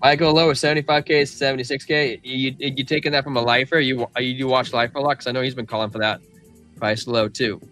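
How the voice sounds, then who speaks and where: A man's voice: mid-range voice, fairly even intonation, fast, fairly bright tone, soft background music. A man hosting a live crypto stream, talking through price charts and reading viewers' chat in a casual, slangy way. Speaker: crypto livestream host.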